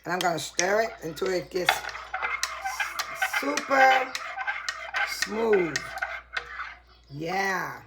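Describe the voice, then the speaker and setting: A woman's voice: on the low side, expressive, extremely slow, creaky, pauses often, very noisy. A woman chatting to viewers in her home kitchen, casual and laughing often. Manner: chatty, laughs a lot, addresses viewers as y'all. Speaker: vlogger. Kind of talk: casual kitchen vlog talk.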